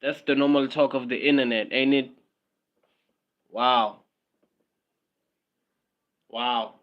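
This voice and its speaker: South African man, casual livestream monologue, unhurried, muffled lo-fi sound. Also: steady tone. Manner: mocking high-voiced asides, repetitive fillers.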